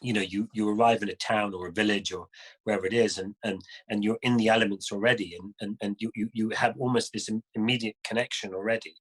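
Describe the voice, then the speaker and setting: A middle-aged man speaks in a somewhat low voice. He tells casual stories about life on the road. He acts out the lines of the people he met along the way. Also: fairly even intonation, quick pace, slightly rough, poor audio. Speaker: guest adventure motorcyclist. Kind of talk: casual conversational storytelling.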